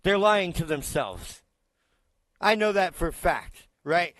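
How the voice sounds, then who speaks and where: A man's voice: sits high, big pitch swings, slow pace, fairly bright tone. A man doing reaction commentary, talking in a sarcastic, profane, ranting way.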